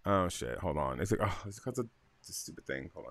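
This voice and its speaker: A man co-hosting a casual podcast chat over a video call, sassy, excitable and swearing freely. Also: low-pitched, fairly quick, no room sound, studio quality. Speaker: podcast co-host. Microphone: computer microphone on a video call.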